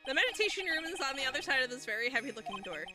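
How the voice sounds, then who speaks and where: A woman's voice: high voice, big pitch swings, racing. A woman reading a game aloud, voicing a young male lawyer's dry, wry inner monologue in her own voice. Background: game music.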